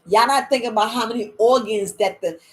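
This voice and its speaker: An older woman hosting a casual wellness chat, animated and dramatic, laughing often, with loose speech. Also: on the high side, brisk. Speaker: wellness podcast host.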